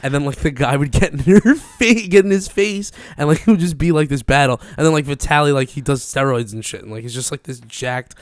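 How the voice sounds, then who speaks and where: A man's voice: fairly high pitch, brisk, few pauses, no room sound. A young man chatting casually as a podcast host, rambling and swearing with lots of fillers. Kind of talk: casual chat.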